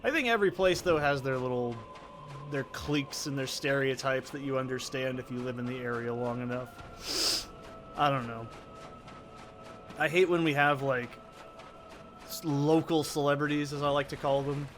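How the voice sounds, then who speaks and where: A man's voice: medium pitch, moderate pace, fairly bright tone, faint music behind. A man from Oregon with an Oregon accent, giving casual, rambling gameplay commentary full of swearing and off-topic tangents. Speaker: let's play gamer. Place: soundproofed corner at home. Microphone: desk condenser mic with pop filter.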